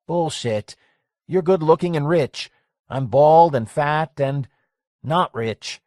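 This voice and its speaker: A man's voice: a little high, slow, a little mellow, no echo, clean studio sound, voice pushed up. A man reading the lines of a lonely middle-aged man who wants his youth back, his voice raised and pleading. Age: 40s.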